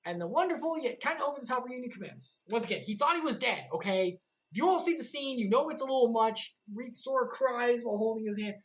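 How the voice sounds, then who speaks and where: A woman's voice: fairly high pitch, expressive, fast talker, rough recording. Joking young woman recapping a game. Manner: joking, sarcastic asides. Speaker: streamer recapping a video game story. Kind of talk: casual livestream recap.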